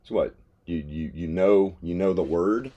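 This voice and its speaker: His voice sits low and sounds mellow, moving a little slowly, and the audio is dull. The man hosts a live trading stream, chatting casually about charts in a laid-back way, laughing and swearing while he tells stories.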